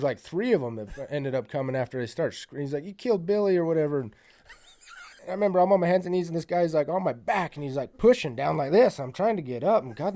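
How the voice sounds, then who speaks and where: Man, casual podcast storyteller; rambling, profane, many fillers. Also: a little high. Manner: gets loud and excited at the climax.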